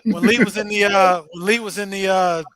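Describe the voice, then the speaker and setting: Male panelist, high voice, halting, with chatter behind. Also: steady tone. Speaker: co-host. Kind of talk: casual chat.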